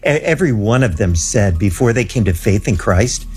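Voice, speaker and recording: A man's voice: lowish voice, expressive, moderate pace, darkish tone, soft background music. A man as an interview guest, telling a story in an earnest, emphatic way. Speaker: guest recounting ministry travels.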